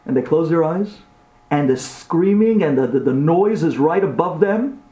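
A man giving an impassioned inspirational talk, acting out scenes dramatically and swinging between loud outbursts and hushed passages. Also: a little high, expressive, normal speed. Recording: roomy echo.

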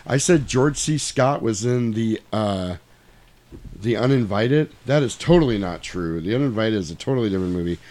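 A man's voice: lowish voice, lively intonation, normal speed, a little mellow. Tipsy, rambling man hosting a podcast. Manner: loose, rambling, profane. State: a little tipsy. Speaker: podcast host. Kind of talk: casual chat.

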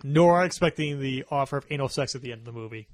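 A young man hosting a casual movie review chat, rambling and animated, quoting scenes in put-on voices. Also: medium pitch, fast talker, dry recording. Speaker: host.

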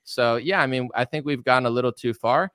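A man guesting on a political podcast with a smooth, clear voice. His chat is casual, animated and mocking. The sound is dry and close. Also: mid-range voice, a little fast, no room sound. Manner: animated, mocking, laughs often.

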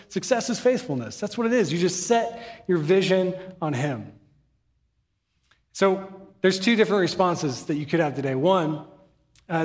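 A man's voice: high voice, big-room sound. A man giving a sermon as pastor, earnest and conversational, with humorous asides, in a church sanctuary.

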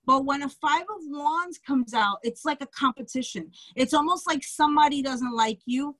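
A woman with a Bronx New York accent reads tarot cards in a casual, blunt way, checking in with "okay?" after her points. Her voice sits high and sounds bright and sharp. The sound is close and dry. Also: moderate pace, no echo. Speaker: tarot reader. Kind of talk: casual tarot reading on a video call.

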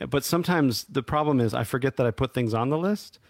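Man, gravelly voice, hesitant reflective co-host, dry recording. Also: medium pitch, fast, dry recording. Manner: hesitant, full of fillers and restarts. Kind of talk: casual reflective conversation.

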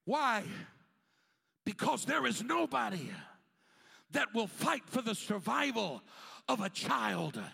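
A man pastor preaching a sermon with emphatic, rising delivery that often breaks into shouts, with a steady stream of "uh" fillers between phrases. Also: very high voice, slow, gravelly, long pauses, husky. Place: church sanctuary. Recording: long reverb of a large church hall.

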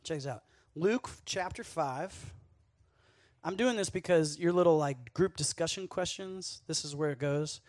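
Young male youth speaker, high-ish and dry, sweaty and worked up, chatty sermon full of asides. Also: a little slow, no echo. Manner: energetic, jokey storytelling with asides to the audience.

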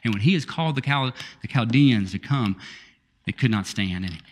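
Animated preaching man in a reverberant hall. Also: mid-range voice, moderate pace. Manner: animated preaching, laughs often, drops to quiet asides. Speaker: pastor. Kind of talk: sermon.

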